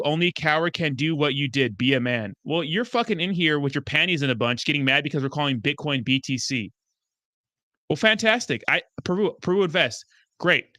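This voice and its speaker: Profane, bright-voiced crypto streamer man. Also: fairly high pitch, dry recording, studio quality. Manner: profane, excitable, talks back to chat. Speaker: crypto YouTuber host. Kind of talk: livestream commentary answering chat.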